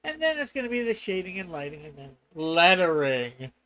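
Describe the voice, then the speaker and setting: A man's voice: sits high, big pitch swings, moderate pace, fairly bright tone, rough recording. A man from Canada, a comic artist chatting casually on a live stream while he colors, rambling and reading the chat aloud with frequent chuckles.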